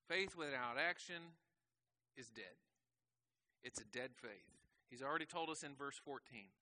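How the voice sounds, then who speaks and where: Man, pastor, sermon, very bright voice, a bit high-pitched, conversational, rhetorical questions, church.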